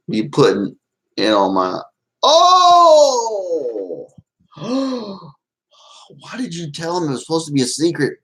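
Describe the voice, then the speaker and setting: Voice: medium pitch, a little mellow, rough recording. A live-stream host in casual, playful chat with viewers, giggling often and teasing in a folksy way.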